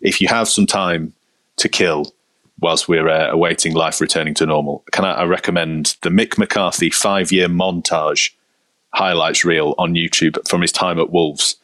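Low-voiced man, lively football chat. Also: moderate pace, no echo. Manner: animated storyteller, mimics managers in quotes. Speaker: podcast panelist.

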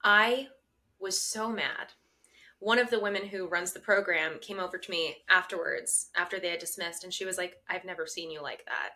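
Speaking at a normal pace, a podcast co-host recounts a story with lively indignation. Her voice is bright and clear, pitched in an ordinary middle range, and her manner is casual.

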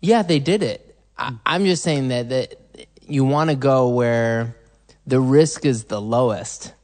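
A man's voice: mid-range voice, slow pace, darkish tone. A man hosting an interview, talking things through in a casual, reflective way. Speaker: podcast host.

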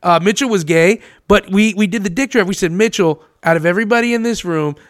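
A man's voice: sits high, fast, dry recording, studio quality. A young adult man in casual podcast banter, joking and swearing, often chiming in with agreement. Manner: profane, joking, chimes in with agreement.

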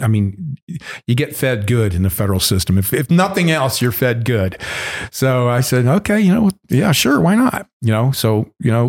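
A man's voice: mid-range voice, a little mellow. A man casually telling a long story, candid and full of swearing. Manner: profane, candid and rambling.

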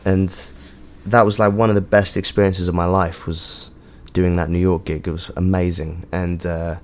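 A man's voice: deep voice, flat delivery, normal speed, a little mellow, slight background noise. An Englishman hosting his own show, talking casually in a rambling, jokey way with lots of swearing and fillers, from a hotel room. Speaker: podcast host and touring musician. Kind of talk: casual monologue.

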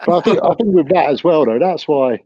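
A man with a mellow, relaxed voice talks briskly through sporting stories in a casual podcast. The sound is dull and lo-fi, with a dry, close feel. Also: fairly high pitch, slightly rough, no echo. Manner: brisk, chatty storytelling. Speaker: former rugby player, podcast guest. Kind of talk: casual chat.

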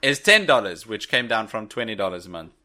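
A man's voice: lowish voice, animated, fairly quick, pushed and bright. A man co-hosting a podcast, chatty and laughing often through casual chat. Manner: chatty, laughs while talking. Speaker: podcast co-host.

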